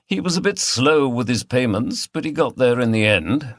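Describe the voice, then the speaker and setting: A man's voice: mid-range voice, expressive, moderate pace, no room sound, clean studio sound, voice pushed up. A man reading the part of a middle-aged male artist with a British RP accent, polite, precise and faintly superior.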